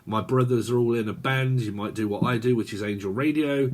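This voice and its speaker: A man's voice: medium pitch, brisk, darkish tone. A man giving a casual tarot reading, rambling from one idea to the next with many fillers. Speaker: tarot reader.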